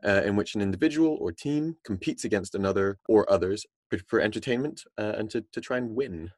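A man with a fairly low voice co-hosts a podcast, thinking aloud as he talks. He restarts often and fills gaps with casual asides. His voice sounds close and dry. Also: a little fast, a little mellow, dry recording. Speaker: podcast co-host. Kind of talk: casual discussion.

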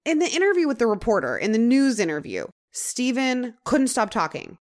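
A young adult woman hosting a podcast, telling a true-crime story in a casual, chatty way. She uses many "like" fillers and drops into dramatic pauses. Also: fairly high pitch, wildly swooping pitch. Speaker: podcast host.

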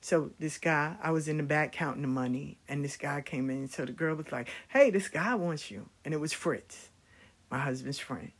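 A middle-aged woman telling stories about her life in a casual, blunt and animated way, swearing freely. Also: deep voice, moderate pace, breathy edge. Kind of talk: casual storytelling.

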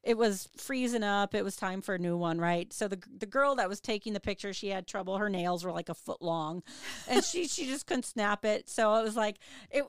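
A woman with an Upper Midwest American accent telling a lively story on a podcast, acting out the people in it, with lots of restarts. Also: mid-range voice, normal speed, clear, resonant tone, no room sound. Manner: animated, acts out quoted voices, many restarts. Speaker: podcast guest, ghost tour owner. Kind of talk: casual storytelling.

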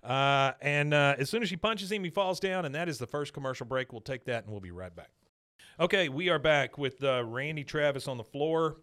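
A man casually recapping a cartoon episode, telling the story with lots of laughs and quick jumps into other characters' voices. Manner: lively storytelling, acting out lines with big pitch jumps and laughing. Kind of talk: casual chat.

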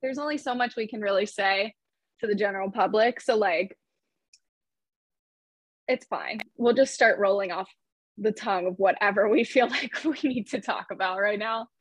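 A woman's voice: medium pitch, moderate pace, no room sound. A woman hosting a podcast, chatty and laughing often between her points. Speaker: podcast host. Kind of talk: casual podcast chat.

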